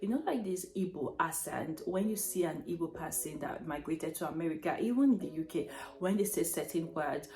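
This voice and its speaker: Low-voiced Nigerian woman vlogging. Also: expressive, fairly quick, warm tone. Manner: reflective, often says "you know". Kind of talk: storytime vlog. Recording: roomy echo, faint music bed.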